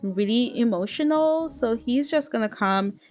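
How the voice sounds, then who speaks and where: A woman's voice: a little high, lively intonation, measured pace, a little mellow. A young woman narrating a life-sim game in casual let's-play style, chatty and playful, laughing and talking straight to her viewers. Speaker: gaming video creator.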